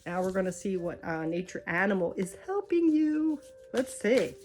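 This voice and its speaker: A woman's voice: mid-range voice, sing-song, normal speed, darkish tone. A woman reading oracle cards, chatty and encouraging, thinking aloud as she goes. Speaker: tarot card reader. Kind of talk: spiritual card reading. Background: faint music.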